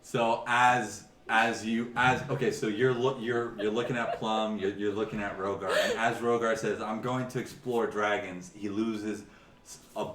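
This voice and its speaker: A man running a tabletop game as dungeon master, narrating in a halting, rambling, amused way. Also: lowish voice, little pitch movement, a bit bright. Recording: distant echoey room, noisy.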